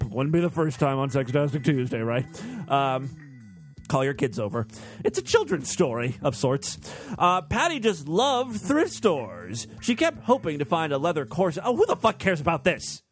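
A man hosting a comedy reading, narrating a story with sarcastic asides. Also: on the high side. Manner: sarcastic, laughing at the text. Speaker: host reading stories.

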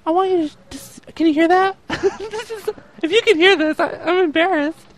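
A man's voice: extremely high pitch, brisk, slight background noise, voice pushed up. A man putting on the voice of a coy fourteen-year-old girl on a prank internet call. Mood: crude shouting.

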